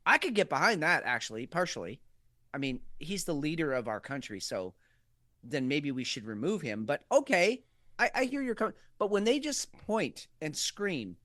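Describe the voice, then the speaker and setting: A man co-hosting a podcast in casual political chat, animated and profane, acting out quoted voices. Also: on the high side, normal speed, no echo, clean studio sound. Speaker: podcast co-host.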